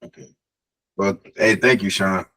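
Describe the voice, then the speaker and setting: A man's voice: sits low, steady tone, a little slow, fairly bright tone, low-quality recording. A man from the community asking questions in a casual chat, laughing easily and following up eagerly.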